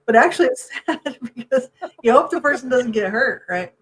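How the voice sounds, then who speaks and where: A middle-aged woman co-hosting a podcast, chatting casually and telling animated stories with frequent laughter. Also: sits high, moderate pace, slight background noise, poor audio. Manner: animated storyteller, laughs often while talking. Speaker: podcast co-host. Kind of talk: casual chat.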